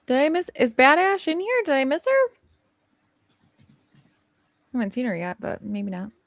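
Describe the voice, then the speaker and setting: A woman's voice: sits high, huge pitch swings, normal speed, dry recording. Chatty woman hosting a livestream. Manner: chatty, laughs often, reads chat aloud. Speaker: livestream host. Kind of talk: casual livestream chat.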